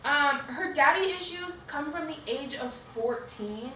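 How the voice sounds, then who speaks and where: A woman's voice: sits high, animated, a little slow, sharp tone, echoey room, recorded from a distance, a little hiss or hum, poor audio. A woman co-hosting a casual podcast recap, blunt and opinionated. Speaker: podcast co-host.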